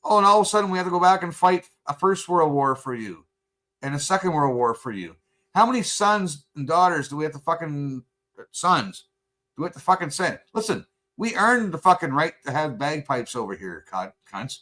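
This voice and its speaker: A man's voice: on the high side, very animated, moderate pace, pushed and bright. A middle-aged man from Canada, co-hosting a podcast in casual talk, who rants heatedly and swears constantly. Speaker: podcast co-host. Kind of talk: casual profane rant.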